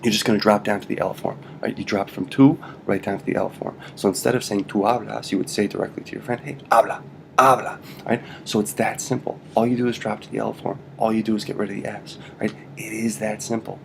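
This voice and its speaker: Playful, gravelly-voiced male Spanish teacher. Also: on the low side, level tone, quick pace, hardly any pauses, darkish tone, slight background noise. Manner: playful, repeats "right?" constantly, jokey asides. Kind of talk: casual video lesson.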